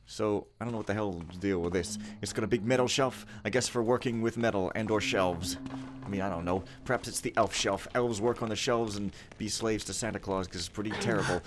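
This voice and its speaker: A man's voice: lowish voice, fairly quick. A man casually commenting while he plays a game, joking and sarcastic in a rambling way. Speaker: let's play host.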